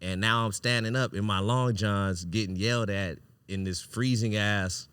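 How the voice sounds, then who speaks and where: A man hosting a podcast, telling a long story in a casual, animated way, swearing freely and acting out what people said. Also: lowish voice, normal speed, smooth, no room sound. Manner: animated, profane, acts out quoted lines. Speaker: podcast host.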